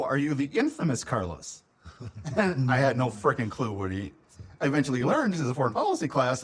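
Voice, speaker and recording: A middle-aged man from Minnesota co-hosts a casual podcast with an old friend. He tells childhood stories in an animated way and laughs often. His voice swings widely in pitch at a mid-range level. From Minnesota, USA. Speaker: podcast co-host.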